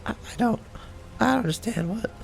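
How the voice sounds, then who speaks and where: A man's voice: high-pitched, fairly quick, vocal fry, a little hiss or hum, pitched above the performer's own voice. A man voicing an anxious male animatronic sun who stammers and panics in a fan animation. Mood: confused.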